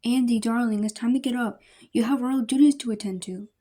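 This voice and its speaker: A woman voicing a gentle young royal wife who coaxes and pleads patiently. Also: a little high, fairly even intonation, brisk, close to an everyday voice. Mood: coaxing.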